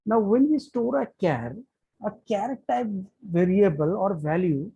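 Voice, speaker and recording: A man with an Indian accent teaching a live online class. He talks deliberately, repeats key terms and checks whether students can hear him. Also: sits high, lively intonation, creaky, warm tone, slightly rough, dull audio. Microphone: computer mic on an online call.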